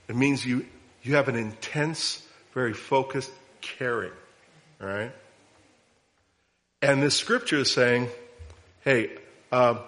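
A middle-aged man preaching a sermon, his voice sitting at an ordinary pitch. He teaches in a conversational way, slipping in humor and lively swings of emphasis. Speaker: pastor.

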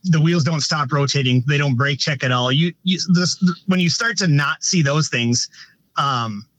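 Man, race director, fairly high voice, dry close sound, rambling and casual. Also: normal speed, fairly bright tone, no room sound. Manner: rambling, frequent restarts and "you know". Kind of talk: casual podcast conversation.

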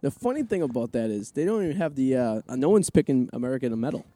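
A man's voice: mid-range voice, lively intonation, fast, mellow, no room sound. A man co-hosting a casual podcast, joking and swearing his way through rambling sports talk. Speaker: podcast co-host. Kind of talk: casual chat.

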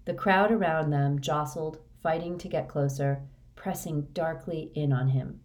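A woman narrating an audiobook in a measured, even read. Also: low voice. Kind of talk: scripted narration.

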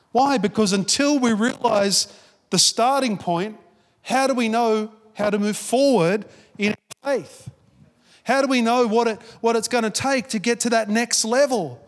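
A man preaching a sermon, swinging from loud urging to hushed storytelling. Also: very high-pitched, moderate pace, in a large hall. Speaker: pastor.

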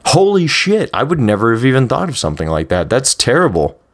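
A man's voice: medium pitch, very animated, quick pace, a bit bright. A young man talking through personal stories in a casual, candid monologue, rambling with many fillers and some swearing. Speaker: podcast host. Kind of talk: first-person storytelling monologue.

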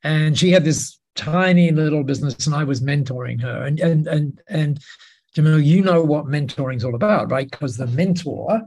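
Australian male guest, lively raconteur; slightly high, husky and gravelly tone. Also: normal speed. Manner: lively, acts out dialogue in different voices. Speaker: podcast guest. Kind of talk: animated storytelling.

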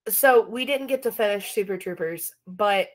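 A woman hosting a podcast in casual chat, animated and swearing freely. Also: mid-range voice, moderate pace. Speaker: podcast host.

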